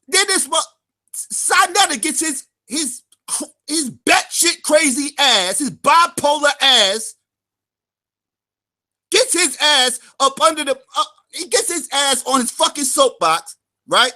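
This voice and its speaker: Very high-voiced, bright ranting man. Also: lively intonation, slow pace. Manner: heated, profane, often shouting. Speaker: channel host. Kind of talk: ranting vlog commentary.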